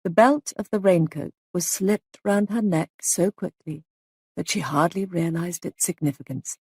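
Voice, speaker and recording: A woman narrating a mystery story as an audiobook reading, in a measured, even manner. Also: on the low side, breathy edge, no room sound.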